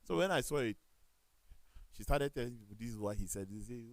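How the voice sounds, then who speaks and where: A man with a Nigerian accent, speaking as a talk show panelist. He tells animated stories, acts out the dialogue, and corrects himself as he goes. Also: mid-range voice, fairly quick, dry recording. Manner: animated storytelling with quoted dialogue and self-corrections. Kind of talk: casual studio discussion.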